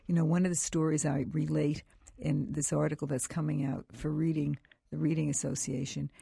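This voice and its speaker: A woman's voice: deep voice, fairly quick, vocal fry, husky, dry recording, studio quality. An older woman educator speaking as a radio guest, telling stories with animation and frequent laughs. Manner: animated storyteller, laughs often. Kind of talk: call-in radio chat.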